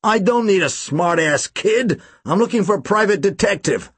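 A man's voice: sits high, lively intonation, fairly bright tone, breathy edge, dry recording, pitched above the performer's own voice, exaggerated voice. Man putting on a growling drunk American. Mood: gruff. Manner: slow, growling, slurred drawl. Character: drunk gruff American man around forty.

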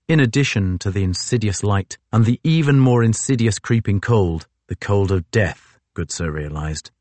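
A man reading a novel aloud as an audiobook narrator, in a measured, even storytelling delivery. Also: lowish voice, no echo.

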